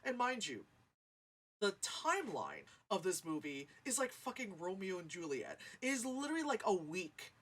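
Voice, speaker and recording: A woman ranting about a movie in a casual review, sarcastic and animated, swearing often. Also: mid-range voice, normal speed, slightly rough.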